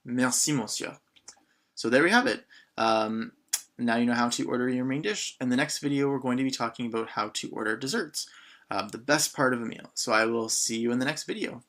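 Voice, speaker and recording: Canadian guy teaching beginners, mid pitch, chill, lots of ums, quizzes you as he goes. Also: brisk, fairly bright tone. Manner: patient, prompts learners with questions, frequent ums. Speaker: French teacher. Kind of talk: casual online lesson.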